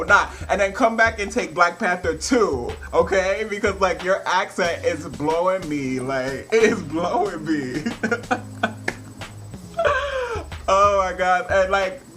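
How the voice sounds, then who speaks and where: Bright, laughing, foul-mouthed man ranting. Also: high-pitched, a little hiss or hum. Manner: laughs often, swears freely, rambling with many fillers. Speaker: film reviewer. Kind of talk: casual vlog review.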